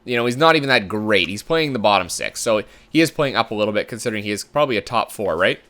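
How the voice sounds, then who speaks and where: A man's voice: on the low side, expressive, fast, pushed and bright. A man giving casual commentary while playing a sports management game, thinking aloud in a chatty way. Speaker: gamer commentator.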